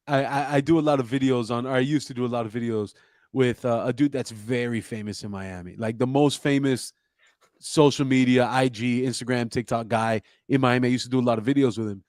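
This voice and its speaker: A man from South Florida spins stories in a deadpan, profane way. His voice sits at an ordinary middle pitch. The sound is dry and close to the mic. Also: a little fast, no room sound. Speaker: guest comedian. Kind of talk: casual podcast chat, storytelling.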